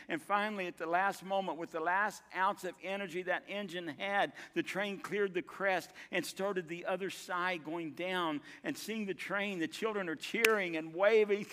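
An older pastor preaching a sermon with a folksy storyteller's manner and dramatic pauses. His voice sits a little high for a man and rings through a long church reverb. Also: a bit bright. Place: church sanctuary.

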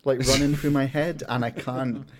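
A man with a mid-pitched, everyday voice. He riffs on jokes, stumbling over repeated words and swearing often. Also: steady tone, normal speed. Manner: stammering, sweary riffing. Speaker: podcast co-host. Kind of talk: casual political chat.

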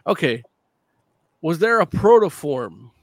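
A man's voice: a little high, sing-song, slow pace, no echo. A man co-hosting a fan talk show in casual chat, joking, swearing freely and laughing often. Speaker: co-host of a call-in fan show.

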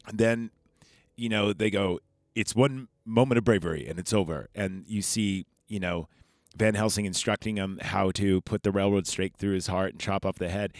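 A man's voice: fairly low pitch, no echo, studio quality. A man hosting a podcast, recapping a movie in a rambling, chatty way and swearing freely. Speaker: podcast host. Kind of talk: casual film review.

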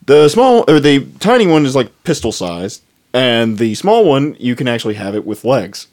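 A man's voice: medium pitch, big pitch swings, normal speed, darkish tone. A man co-hosting a podcast, earnestly rambling through game rules in casual chat. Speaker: podcast co-host. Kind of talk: casual group chat about a tabletop game.

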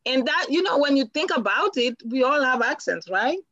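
A woman's voice: high-pitched, expressive, normal speed, fairly bright tone, dry recording, highs cut off. A woman from Africa, earnestly and reflectively as an interview guest, often repeating words as she thinks. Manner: earnest, reflective, with frequent repetitions. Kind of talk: personal interview.

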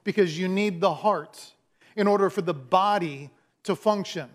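A man preaching a sermon with a fairly high voice for a man. He speaks in a folksy, storytelling way and leans on humor to make his point to the congregation. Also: normal speed. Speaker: pastor.

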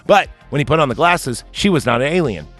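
A man's voice: medium pitch, very animated, fast, a bit bright, faint music behind. A man recapping a movie in casual podcast chat, telling the plot in a rambling, profane way with lots of fillers. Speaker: podcast co-host recapping a film.

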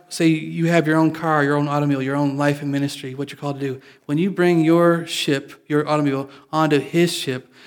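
A male pastor giving a conversational sermon, often restarting his sentences and making light jokes. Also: on the high side. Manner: conversational, self-correcting, joking.

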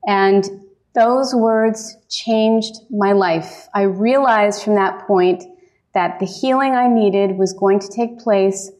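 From a conference stage, a woman keynote speaker shares her personal faith testimony as lively storytelling, laughing often and offering earnest encouragement. Her voice sits in the mid range.

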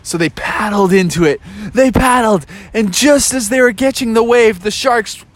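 A man improvising a story for a child, animated and full of sound effects. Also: high-pitched, normal speed.

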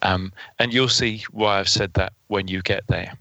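Bright, low-voiced man, politely playful. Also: fairly even intonation, moderate pace, creaky, dry recording, poor audio. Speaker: panel guest. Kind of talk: casual panel chat.

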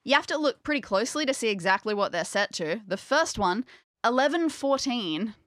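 Woman, game master, second-person narration, lively and wry, fairly high voice, dry sound. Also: fairly quick, no room sound.

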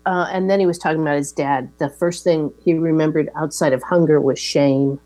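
A woman with a dark, mellow voice recaps a film in casual chat, moving steadily through the plot with fillers. A faint mains hum sits under the recording. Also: low voice, a little fast. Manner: steady recap with fillers, quoting lines plainly.

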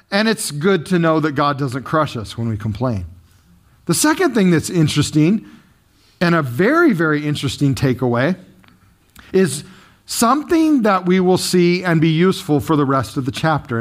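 A male pastor preaching a sermon in a conversational, joking way, asking the congregation questions. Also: fairly high pitch.

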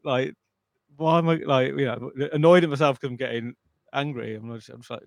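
Gravelly man telling a rambling story. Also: mid-range voice, brisk, a little mellow, dry recording. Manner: rambling storyteller, many restarts and "I was like". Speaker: podcast co-host. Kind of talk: casual chat.

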